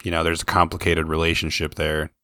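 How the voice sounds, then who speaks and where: A man hosting a casual podcast chat, relaxed and swearing freely as he leads the ratings. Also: extremely low pitch, brisk, no echo, studio quality. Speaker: podcast host.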